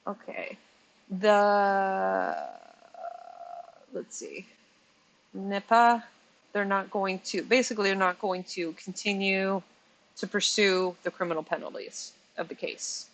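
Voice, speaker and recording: A woman in her forties talks straight to her viewers in a loose, chatty commentary, with an edge of exasperation. She laughs easily, restarts her words and corrects herself as she goes. Her pitch sits in a middle range for a woman. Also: level tone, measured pace, low-quality recording. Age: 40s. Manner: chatty and exasperated, stumbling over pronunciations; laughs often, self-correcting. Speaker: commentary channel host. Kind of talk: casual commentary vlog.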